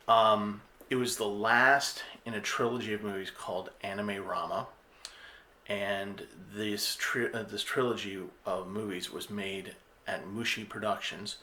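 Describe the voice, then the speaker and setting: A man's voice: lowish voice, sharp tone, a little hiss or hum. A man casually retelling a film's plot on a podcast, loose and rambling with fillers and restarts. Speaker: podcast host reviewing an anime film. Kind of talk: casual spoken review.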